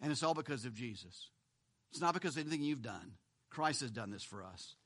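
A man's voice: mid-range voice, lively intonation, brisk, a bit bright. A male pastor preaching a sermon, emphatic and full of rhetorical questions, often repeating a word for stress.

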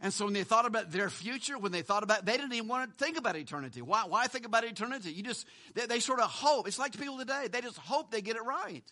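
Bright, high-voiced preaching man. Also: lively intonation, fast talker, hardly any pauses. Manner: emphatic, rhetorical questions, repeats words. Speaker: pastor. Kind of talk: sermon.

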